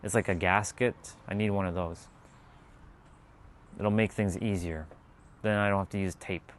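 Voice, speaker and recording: A man's voice: deep voice, fairly even intonation, moderate pace, a little hiss or hum. A man chatting casually and reading out viewer comments, rambling with many fillers and laughing easily.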